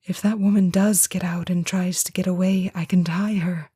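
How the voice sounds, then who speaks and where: A woman giving a whispered first-person audiobook narration, hushed and slow. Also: lowish voice, fairly even intonation, husky.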